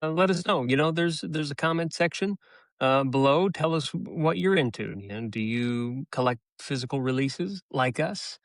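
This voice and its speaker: A man co-hosting a casual podcast chat, talking in a relaxed, measured way with many fillers. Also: a little high, no room sound, clean studio sound. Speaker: co-host.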